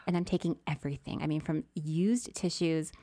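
A woman co-hosting a podcast, telling a story in a casual, animated way and acting out what people said. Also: deep voice, normal speed. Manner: animated, acts out voices, laughs often. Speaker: podcast co-host.

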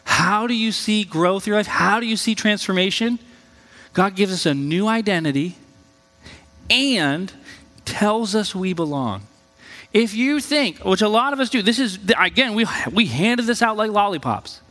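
A man, a pastor, preaching a conversational and animated sermon, jumping up in pitch when he voices quoted people. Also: moderate pace, long reverb tail.

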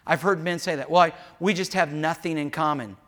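Bright-voiced preacher man, candid and joking. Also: a little high, a little fast. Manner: candid, joking asides with acted-out quotes. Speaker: pastor. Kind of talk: sermon. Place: church.

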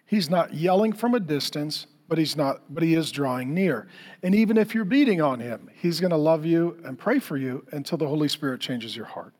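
A man's voice: a little high, lively intonation, normal speed, darkish tone. A man preaching a conversational sermon, telling stories and acting out the lines of the people in them. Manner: conversational, storytelling with acted-out quotes. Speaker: pastor.

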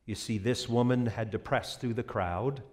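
A man pastor giving an impassioned, animated sermon with vivid storytelling. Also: mid-range voice, normal speed.

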